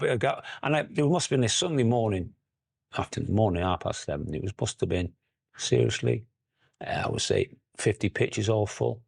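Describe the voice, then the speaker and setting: A man's voice: lowish voice, vocal fry, husky, no room sound, studio quality. An older man with a Scouse accent, a former footballer chatting casually in an interview, rambling and laughing often. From Liverpool area.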